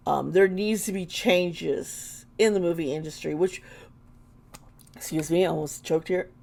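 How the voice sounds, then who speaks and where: A woman's voice: fairly low pitch, unhurried, creaky, a little mellow. A woman doing an intuitive tarot reading for her vlog, earnest and emotional, often trailing off mid-sentence. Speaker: tarot reader.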